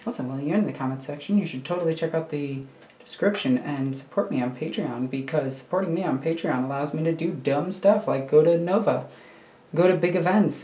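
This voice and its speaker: A woman's voice: sits low, dark tone, reverberant. A woman rambling casually while building a miniature model at home, chatty and self-mocking. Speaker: miniature hobby streamer. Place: home hobby room. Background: faint computer hum.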